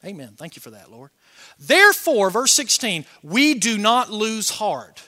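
A man preaching a sermon, animated and joking, swinging from soft asides to shouted lines. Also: sits high, a little slow. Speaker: pastor.

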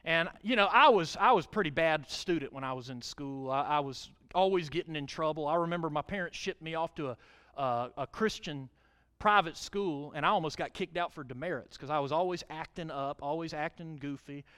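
A middle-aged male pastor preaching a sermon, reading scripture aloud and swelling loud on key words. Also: a little high, fairly quick, clear, resonant tone.

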